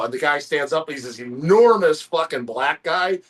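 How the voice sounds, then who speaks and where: A man's voice: fairly high pitch, animated, normal speed, fairly bright tone. A man chatting casually on a podcast, telling rambling, profane stories and acting out what people said. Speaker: podcast co-host. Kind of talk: casual chat.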